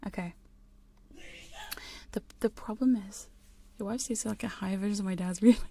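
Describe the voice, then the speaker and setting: A woman chatting in a soft, giggly whisper on a live hypnosis ASMR stream, close to studio mics in her home studio. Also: medium pitch, normal speed, creaky, a little hiss or hum. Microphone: studio condenser and binaural mics.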